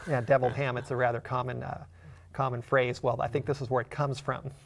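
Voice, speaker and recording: Male preacher, gravelly voice, earnest storytelling sermon, emphatic questions. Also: mid-range voice, level tone, a little fast. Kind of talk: sermon, Bible exposition.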